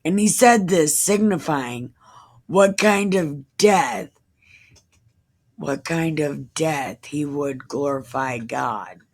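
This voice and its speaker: Brief: a woman doing an irreverent comedic scripture reading, slow and deliberate, sarcastic. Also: sits low. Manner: sarcastic asides, incredulous. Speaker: comedic Bible reader.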